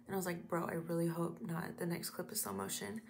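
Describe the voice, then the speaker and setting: A woman's voice: on the low side, level tone, fast, gravelly, a little hiss or hum. A young woman vlogging casually to the camera, chatty and slangy, talking into a phone held at arm's length. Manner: chatty, slangy, says "bro" and "like". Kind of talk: casual vlog talk to camera. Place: out and about, stores and apartment.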